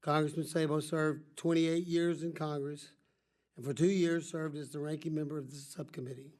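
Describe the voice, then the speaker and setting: A man's voice: on the high side, little pitch movement, moderate pace, darkish tone. An older man with a congested voice from allergies, chairing a formal hearing and giving opening remarks with rambling, self-correcting asides. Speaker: subcommittee chairman.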